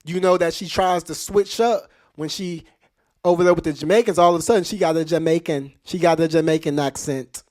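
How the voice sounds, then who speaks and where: A man's voice: fairly high pitch, brisk, darkish tone. A man hosting a podcast, talking straight to his listeners in casual commentary, emphatic and full of rhetorical questions. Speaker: podcast host.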